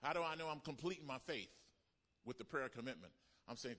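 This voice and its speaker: Male pastor, sermon delivery, call-and-response, drops from emphatic to near-hushed; long hall reverb. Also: medium pitch, expressive, a little fast.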